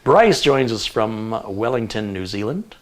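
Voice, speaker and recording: A middle-aged man hosts a tech livestream in an easy, chatty way. He reads through names and places and keeps breaking off for quick jokes. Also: fairly low pitch, expressive. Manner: chatty, jokey asides while reading a list. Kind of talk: casual livestream chat, reading viewer locations.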